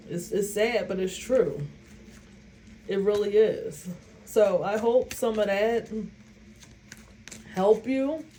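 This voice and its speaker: Woman, vlogger, casual storytelling, blunt, profane, animated, mid pitch. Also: noisy background. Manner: animated, blunt and profane, acting out her own reactions.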